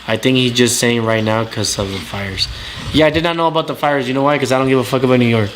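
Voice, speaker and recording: A man's voice: medium pitch, quick pace, background noise. Ranting man. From Southern California. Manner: profane, blunt, ranting. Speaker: talk show host reading live chat. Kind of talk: casual livestream rant.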